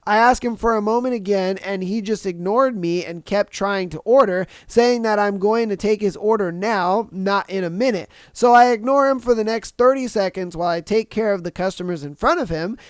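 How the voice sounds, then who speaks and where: Profane, animated podcast host. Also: male voice, high-pitched, normal speed, hardly any pauses, clear, resonant tone, no echo. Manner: profane, animated storytelling with bursts of yelling. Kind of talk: reading a story and ranting.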